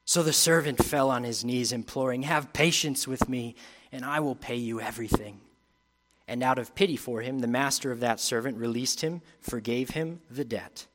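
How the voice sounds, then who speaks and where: A male pastor preaches a sermon in a medium-pitched voice at a moderate pace. He reads scripture aloud, rises in intensity, then drops into quiet reflection.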